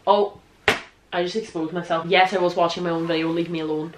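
A woman's voice: lowish voice, steady tone, reverberant, noisy background. A teenage girl with an Irish accent from Donegal, chatting jokily to camera in her bedroom. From Ireland. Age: teens. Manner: chatty, jokey, quick to laugh. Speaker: vlogger. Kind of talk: casual chat to camera.

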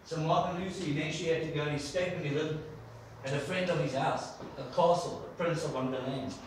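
Preacher in an echoey church. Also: male voice, a little high, fast talker, noisy background. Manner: storytelling, asks the congregation questions. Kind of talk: sermon. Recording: echoey church hall from far off.

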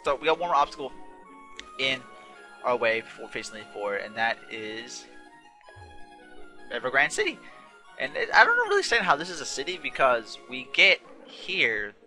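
A man with a very bright, forward voice talks over a video game, chatty and rambling, often restarting his sentences. He sounds a little tired, with game music faint behind him. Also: mid-range voice, wildly swooping pitch, brisk. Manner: rambling, self-correcting, chatty. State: yawning, a bit tired. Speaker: let's play host. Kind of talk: casual gameplay commentary.

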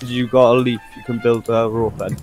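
A man's voice: medium pitch, little pitch movement, normal speed, a little mellow. Young man, casual teasing gaming chat, faint music behind. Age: young adult. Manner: joking, teasing, giving instructions. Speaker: son playing a game with his father.

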